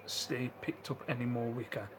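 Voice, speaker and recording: This live-stream host, who resells second-hand goods, talks informally from home, reading out comments, laughing a great deal, and mimicking people from his stories. He speaks at a moderate pace in a mid-range voice with fairly even intonation, over a rough recording with slight background noise.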